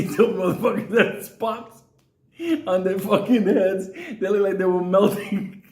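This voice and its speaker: A man's voice: high voice, normal speed, darkish tone, echoey room. A man telling a crude story casually, laughing often and acting out other people's lines. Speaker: storyteller host.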